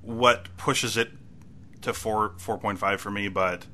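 A man with a very bright, forceful voice, chatting casually as a podcast co-host. He rambles and pokes fun at himself, often restarting sentences mid-thought. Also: lowish voice, fairly even intonation, slow pace. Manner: rambling, self-mocking, many restarts. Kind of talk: casual TV recap chat.

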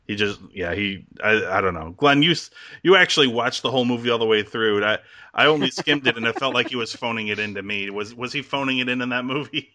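Bright-voiced man rambling with laughs. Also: medium pitch, quick pace. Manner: rambling, laughs often, many restarts. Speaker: podcast host. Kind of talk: casual chat.

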